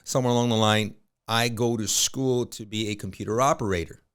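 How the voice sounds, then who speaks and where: A man's voice: fairly low pitch, brisk, clean tone. A man in his fifties, a realtor, telling colloquial anecdotes as a podcast guest. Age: 50s. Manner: lively anecdotal storyteller, colloquial, with frequent fillers. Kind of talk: storytelling in a podcast interview.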